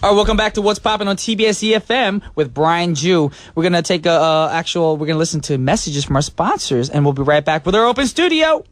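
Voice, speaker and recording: A man's voice: on the high side, expressive, quick pace, few pauses, soft background music. A man hosting a radio show, teasing his co-hosts in casual, playful banter from the studio. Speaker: radio DJ host.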